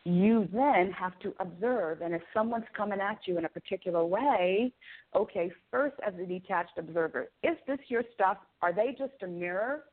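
A woman guest in an interview, explaining spiritual ideas in an earnest, preaching way and telling stories with animated delivery. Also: mid-range voice, normal speed. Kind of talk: conversational interview. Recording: phone-like remote call audio.

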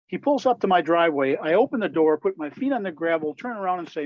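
An older man from Wisconsin tells candid, lively stories as an interview guest. His voice sits fairly high. The sound is dry and a bit dull, with a lo-fi edge. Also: fast talker, hardly any pauses, no room sound. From Wisconsin, USA. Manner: lively, candid anecdotal telling. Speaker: guest, Christian musician and pastor. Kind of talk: storytelling in a conversational interview.

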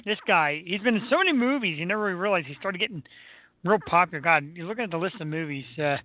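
A man's voice: high-pitched, quick pace. A man from Philadelphia co-hosting a show in casual chat, easygoing and full of fillers. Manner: relaxed, lots of "uh" and "um" fillers. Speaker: co-host. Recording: tinny phone-like line, dry.

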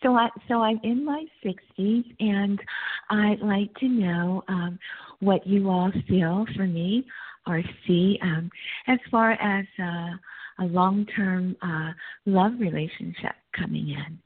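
A woman's voice: medium pitch, slow, breathy edge. Hesitant woman in her sixties on the phone. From United States. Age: 60s. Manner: hesitant, many fillers, giggly. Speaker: caller. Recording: tinny phone line.

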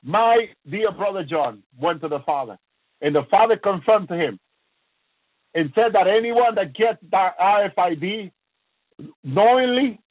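A man preaching an impassioned sermon, fervent and halting, breaking into repeated prayerful refrains. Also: on the high side, no room sound. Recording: tinny phone-like line, dry.

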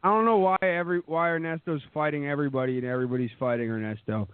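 A man's voice: a little high, rapid-fire, clear, resonant tone, no echo. A man co-hosting a casual podcast, rambling and profane, laughing at his own jokes. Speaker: co-host. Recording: tinny phone-line sound, dry.

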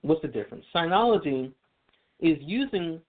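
A man's voice: fairly high pitch, animated, normal speed. A man explaining astrology in casual radio talk, chatty, with many fillers and restarts. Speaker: astrology guest. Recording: tinny phone line.

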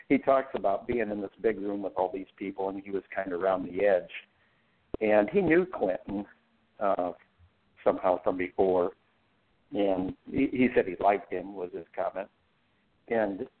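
A male guest on a talk show, telling anecdotes in a relaxed way and laughing often. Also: fairly low pitch, gravelly. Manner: anecdotal, chuckles while telling stories. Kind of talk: casual talk show discussion. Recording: tinny phone line.

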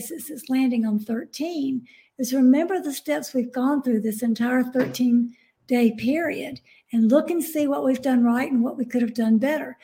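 Calm woman explaining stuff, high but mellow voice. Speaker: astrology guest. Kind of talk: explaining calmly.

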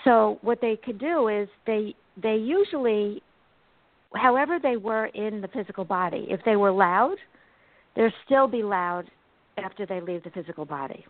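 A woman's voice: mid-range voice, moderate pace, no echo. A woman guest, a psychic medium, telling stories animatedly in an interview. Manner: animated, expressive storyteller. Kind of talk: interview storytelling. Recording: tinny phone-like line, dry.

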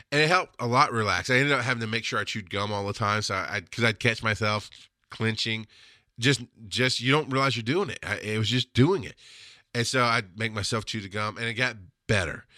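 A man's voice: on the low side, a little fast, bright, forceful tone, dry recording, clean studio sound. A man hosting a podcast, talking candidly in a casual monologue, laughing often and swearing freely. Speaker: podcast host.

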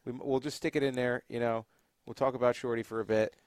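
A man's voice: mid-range voice, fairly even intonation, fast, darkish tone, no room sound. A man co-hosting a podcast, chatting casually and rambling a bit. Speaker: podcast co-host.

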